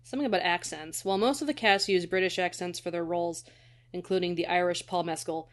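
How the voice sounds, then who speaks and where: A woman co-hosts a relaxed film podcast and reads trivia aloud. She laughs in the middle of sentences and curses casually. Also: lowish voice, fast. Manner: laughs while reading, casual swearing. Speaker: podcast co-host.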